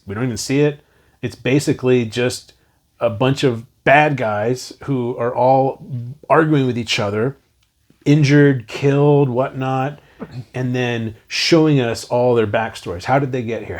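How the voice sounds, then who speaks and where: A man in his forties co-hosting a casual movie review show, talking enthusiastically and quoting lines he loves. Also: medium pitch. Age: 40s. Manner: enthusiastic, animated, quotes lines from the film. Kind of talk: casual film review chat.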